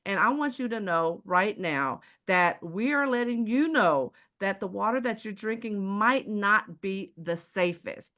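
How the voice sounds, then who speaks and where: A woman's voice: mid-range voice, lively intonation, a little slow, few pauses, sharp tone. A woman from Houston with a Texan accent, giving a live online sales presentation. She talks emphatically and keeps firing rhetorical questions straight at her audience. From Houston, Texas.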